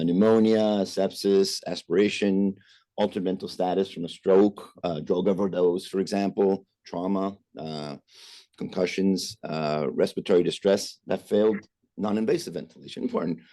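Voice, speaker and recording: Low, dark-voiced male medical lecturer. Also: no echo. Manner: explanatory, with frequent "uh" and "right?". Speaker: physician lecturer. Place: remote presentation over a call.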